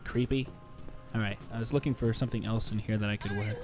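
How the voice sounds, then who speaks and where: This gameplay commentator talks fast and steadily in a low-leaning, darkish voice, game music playing beneath him. His let's play chatter is casual, jokey and meandering, and he often answers the game back.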